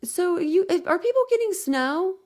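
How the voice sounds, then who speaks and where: A woman's voice: extremely high pitch, animated, unhurried, darkish tone. A woman hosting a casual livestream, rambling and chatting while reading viewer comments aloud. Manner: rambling, chatty, many fillers and self-corrections. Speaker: livestream host.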